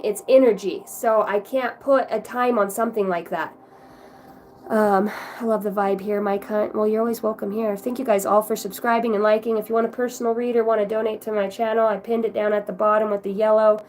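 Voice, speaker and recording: A woman reading tarot cards on a live stream, talking in a warm, rambling, affectionate way and shifting between guidance and chat with viewers. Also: mid-range voice, steady tone, a little fast, a little hiss or hum, poor audio. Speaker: tarot card reader.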